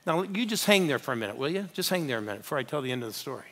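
Man, guest pastor, sermon in a church, lively storytelling, calls to the crowd, bright tone. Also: mid-range voice, rapid-fire. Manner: animated, urging the congregation to respond. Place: church sanctuary.

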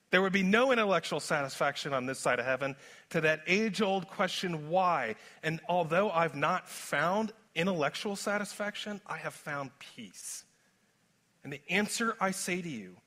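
A male pastor preaching a sermon in an animated, conversational way, mixing in self-deprecating humor. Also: a little high.

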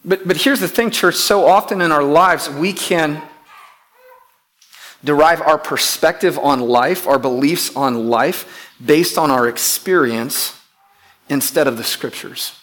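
A man's voice: fairly high pitch, slow pace, fairly bright tone. A pastor preaching to his church in an emphatic way, repeating key phrases and putting questions to the congregation. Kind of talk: sermon.

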